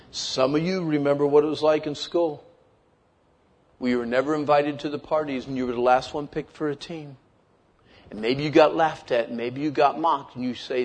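A man in his fifties preaching a lively sermon, leading the congregation in call-and-response and acting out kids' complaints. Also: a little high, moderate pace, slightly rough. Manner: animated, playful, acts out kids' voices. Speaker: pastor.

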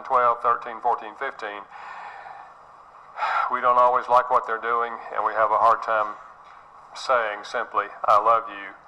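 A man's voice: mid-range voice, sharp tone, rough recording. A middle-aged man giving an earnest sermon-style talk, often repeating words and acting out little scenes. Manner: earnest, repeats himself, acts out quotes. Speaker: speaker on parenting.

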